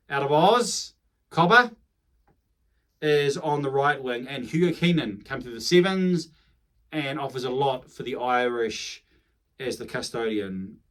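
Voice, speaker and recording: A man's voice: mid-range voice, fairly bright tone. A man with a New Zealand accent giving a casual, rambling rugby match preview, correcting himself and adding chatty asides. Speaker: rugby commentator.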